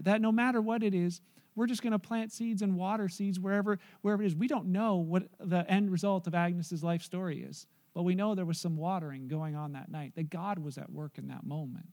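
A man preaching as a pastor, telling a story with animated swings from loud to hushed. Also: sits high, fairly quick. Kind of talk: sermon with storytelling.

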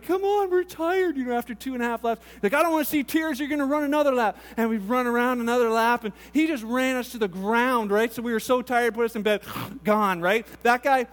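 Man, pastor, very high voice, chatty sermon storytelling, long hall reverb.

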